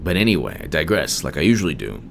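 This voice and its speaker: Deep-voiced man with animated delivery. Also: quick pace, gravelly, a little hiss or hum. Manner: emphatic, digressive, many restarts. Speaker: political commentary host. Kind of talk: solo political commentary monologue.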